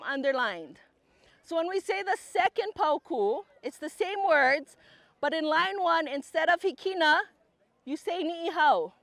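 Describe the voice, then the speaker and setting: A woman's voice: high-pitched, fairly bright tone, dry recording. A woman teaching a group outdoors, explaining patiently and leading chanted verses. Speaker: cultural teacher.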